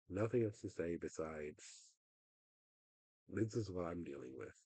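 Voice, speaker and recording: A fairly low-voiced young man with a husky edge, rambling through a casual livestream rant. The sound is dry and close, with no room around it. His sentences wander and trail off in frustration. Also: animated, slow, no echo.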